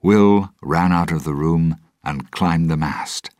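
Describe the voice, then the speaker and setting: Brief: deep-voiced male narrator, slow and expressive storybook reading. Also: dry recording, clean studio sound.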